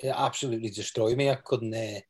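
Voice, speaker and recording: A man's voice: mid-range voice, fairly even intonation, fast, darkish tone, husky. Male guest, ex-player, candid and rambling as he recalls his playing days. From England. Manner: rambling, with restarts and quoted asides. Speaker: former footballer, guest. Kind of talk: candid interview storytelling.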